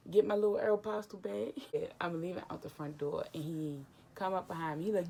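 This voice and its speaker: A young woman vlogger casually retelling a personal story, animated and emotional, acting out the dialogue. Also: lowish voice, fairly quick, gravelly, hardly any pauses, slight background noise.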